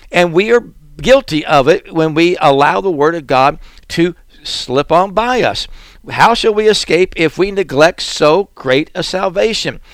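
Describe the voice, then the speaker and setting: A man's voice: a little high, fairly bright tone, clean tone, dry recording, clean studio sound. A man preaching a sermon, reading scripture passages and pressing the point with repeated rhetorical questions. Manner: reads King James scripture aloud, then expounds with rhetorical questions.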